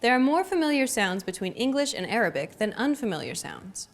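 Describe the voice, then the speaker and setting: A woman hosting a scripted language lesson, explaining clearly and evenly. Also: on the high side, sing-song, fairly quick. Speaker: lesson host.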